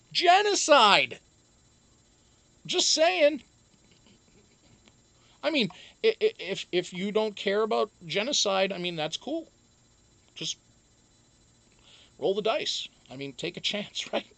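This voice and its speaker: The recording is dry, and the medium-pitched voice is a bit bright. It belongs to a livestream host who casually chats, reads comments aloud, swears freely, jokes, laughs a lot and says um often.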